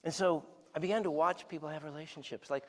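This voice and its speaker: Here the tone is steady and a little high, and the pace is quick, heard in a large church hall. A guest speaker in his sixties tells stories and asks his audience questions in a conversational sermon.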